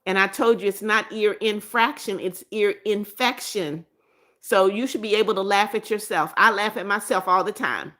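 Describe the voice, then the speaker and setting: A woman hosts a casual live stream, reading viewers' comments aloud in a brisk, mid-range voice with fairly even intonation and few pauses. She laughs often, greets people with blessings, repeats phrases, and gently scolds.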